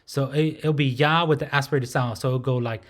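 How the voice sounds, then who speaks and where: A man at a middle pitch works through a recorded pronunciation lesson. He says each sound slowly and more than once, and he keeps checking in with a quick "right?" His tone stays patient and methodical. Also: steady tone. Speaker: language teacher.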